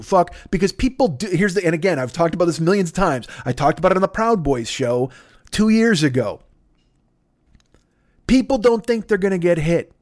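A man's voice: sits high, a little mellow. A man in his fifties hosting a podcast, talking in a blunt, rambling monologue full of swearing and restarts. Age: 50s. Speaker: podcast host. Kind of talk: profane casual monologue.

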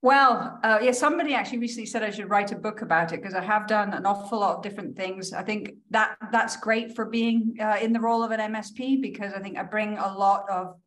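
A middle-aged woman with a Scottish accent softened by years abroad, telling her life story openly and reflectively as an interview guest. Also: mid-range voice, fairly quick, hardly any pauses. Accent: Scottish, softened by years in New York. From Scotland. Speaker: guest, politician. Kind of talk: conversational interview.

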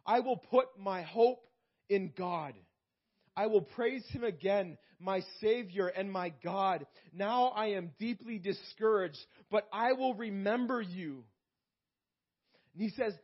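A man with a high voice preaches in church, calling out to the congregation now and then. He slows down when he reads scripture aloud. The recording sounds dull and muffled, like a lo-fi church recording. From Canada. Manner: preaching with call-outs to the congregation. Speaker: pastor. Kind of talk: sermon.

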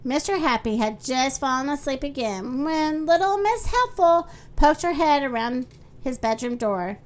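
A woman hosting a children's story podcast, reading a storybook aloud with lively character voices. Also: sits high, unhurried.

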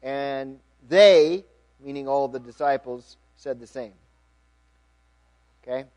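A middle-aged man preaching, reading scripture with rising emphasis and dropping to quiet asides. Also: mid-range voice, takes it slowly. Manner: earnest, reads aloud with rising emphasis then drops to quiet asides. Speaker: pastor.

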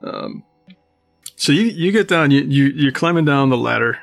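A man acting as game master for a tabletop game describes scenes in a meandering way, full of fillers. His gravelly, creaky voice is medium-pitched and expressive, at a moderate pace, with soft background music.

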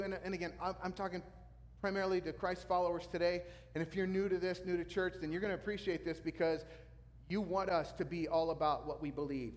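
A male pastor preaching a sermon, telling a story with lively sound effects. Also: on the high side, in a large hall.

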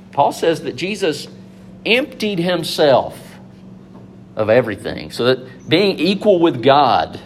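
A man preaching a sermon, animated and conversational, acting out biblical figures in quick asides. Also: a little high, a little hiss or hum.

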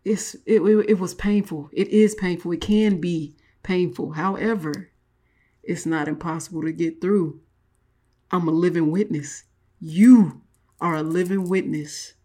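A woman's voice: fairly low pitch, unhurried, mellow. A woman giving a spiritual motivational talk, reflective, often repeating and restating her words. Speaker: spiritual speaker.

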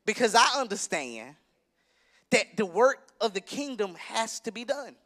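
Young male minister, high bright voice, emphatic sermon delivery. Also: lively intonation, moderate pace. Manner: emphatic preaching, rising to shouts, conversational asides. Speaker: minister preaching.

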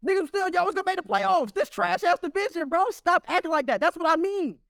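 A man in a heated casual sports argument, loud and profane, repeating himself insistently. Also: very high-pitched, quick pace, vocal fry, no echo, studio quality. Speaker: sports debater.

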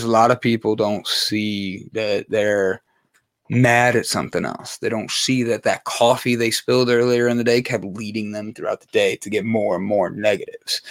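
A man's voice: on the low side, creaky, dry recording. A man hosting his own show, talking candidly and emphatically about mental health, repeating phrases and swearing for force. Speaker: podcast host. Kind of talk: personal monologue on mental health.

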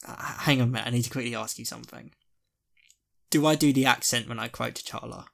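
A man's voice: medium pitch, fairly even intonation, brisk, gravelly, fairly bright tone. A man co-hosting a podcast, chatting casually and animatedly, swearing and acting out quotes from characters. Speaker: podcast co-host. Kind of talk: casual chat.

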